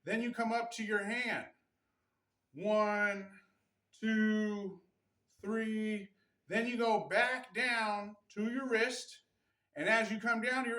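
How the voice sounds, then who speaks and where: A man's voice: sits high, a bit bright, distant mic. A man casually demonstrating how to wrap hands for boxing, rambling and blunt, often checking in with "right?". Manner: loose, rambling, keeps asking "right?". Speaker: boxing and MMA instructor. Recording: roomy sound from off the mic.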